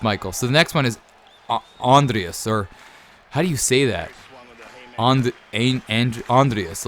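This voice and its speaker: A fairly low-pitched man in his thirties talks casually to his viewers in a Q&A. He is chatty and upbeat, often ending sentences with "man". A faint hum sits behind his voice. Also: fairly bright tone. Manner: chatty, enthusiastic, keeps adding "man". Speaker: YouTube gaming channel host.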